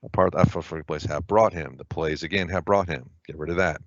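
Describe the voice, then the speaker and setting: Low-voiced man thinking aloud through grammar. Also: fairly even intonation, a little fast, no room sound, highs cut off. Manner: thinks aloud, mutters answer choices to himself. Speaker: test prep tutor. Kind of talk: talking through grammar questions.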